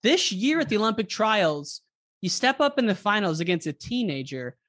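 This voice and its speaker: A podcast host talks in a loose, rambling way, piling up fillers before each question. The voice sits at a middle pitch and keeps a friendly conversational flow. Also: sing-song, moderate pace, a bit bright. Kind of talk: casual interview chat.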